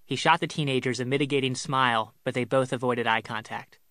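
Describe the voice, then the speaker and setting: A man narrating a comic short story in a wry, measured way. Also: medium pitch, steady tone, sharp tone, no room sound, clean studio sound.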